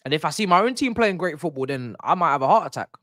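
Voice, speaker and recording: A young man, doing excited, slangy live commentary for a football watch-along stream, repeating himself as he reacts. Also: fairly high pitch, quick pace, no room sound, clean studio sound.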